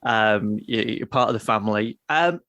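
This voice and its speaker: A man's voice: on the low side, expressive, normal speed, a bit bright, no room sound, highs cut off. A man co-hosting a casual podcast, asking long, rambling, teasing questions. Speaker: podcast co-host.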